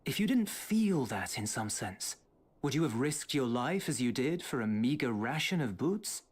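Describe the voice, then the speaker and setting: An earnest young man, lively-toned. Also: medium pitch, moderate pace, slightly rough. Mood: reassuring. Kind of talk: video game cutscene.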